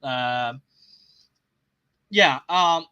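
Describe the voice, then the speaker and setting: A man's voice: mid-range voice, drawn-out words, sharp tone, clean tone, low-quality recording. A man commenting on a video he is reacting to, in an agitated, sarcastic and rambling rant. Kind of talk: casual rant.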